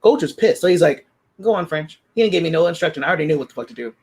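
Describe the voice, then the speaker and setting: A woman from Texas chatting casually on a group video call, telling animated sports stories and swearing freely. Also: low-pitched, racing. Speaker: writing sprint participant. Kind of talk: casual chat.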